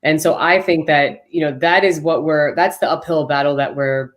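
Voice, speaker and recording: A woman's voice: low-pitched, steady tone, moderate pace. A woman speaking as a panel guest, earnest and articulate, building long arguments. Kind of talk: live panel discussion.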